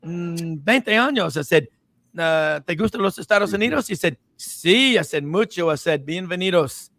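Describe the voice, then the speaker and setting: High-voiced man hosting sports talk. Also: brisk, fairly bright tone, dry recording. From Memphis, US South. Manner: rambling storyteller, voices quoted people. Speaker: host. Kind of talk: casual sports talk show.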